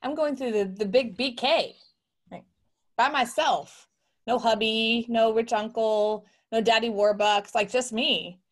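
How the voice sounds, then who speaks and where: A woman's voice: on the high side, unhurried. A middle-aged woman, a guest entrepreneur, telling her story in a casual interview, acting out the voices she quotes. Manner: animated, acts out quoted voices.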